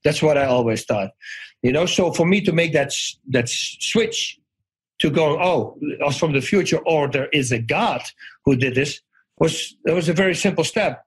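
A man telling personal stories as an interview guest, animated and acting out the voices of people he quotes. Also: fairly high pitch, normal speed, husky, poor audio. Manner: animated, acts out quoted voices, restarts often. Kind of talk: conversational storytelling.

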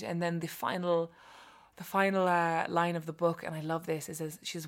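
A woman's voice: on the low side, level tone, brisk. A woman chatting enthusiastically about books as a guest, laughing often and gushing over favourites. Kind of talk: casual chat about books.

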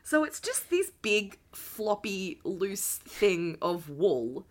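A woman's voice: medium pitch, sing-song, takes it slowly. A woman in her thirties co-hosting a podcast, with giggly, sweary banter and casual chat. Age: 30s. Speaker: podcast co-host.

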